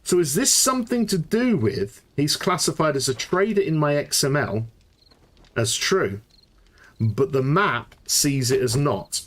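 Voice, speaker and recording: A man hosting a live gameplay tutorial, thinking aloud and getting excited as he works things out, often restarting sentences. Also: fairly high pitch, unhurried. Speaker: tutorial host.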